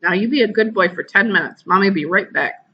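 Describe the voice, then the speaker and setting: A teacher reading aloud and voicing a worried mother of two young boys, gentle and anxious. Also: medium pitch, a little fast, dull audio, slight background noise, natural voice.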